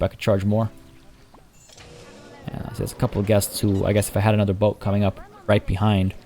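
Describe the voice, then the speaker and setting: A man with a lowish, mellow voice hosting a let's play video. He chats loosely while playing a zoo-building game, wandering off on tangents and correcting himself as he goes, with plenty of fillers along the way. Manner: rambling, chatty, self-correcting with fillers. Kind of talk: casual gameplay commentary.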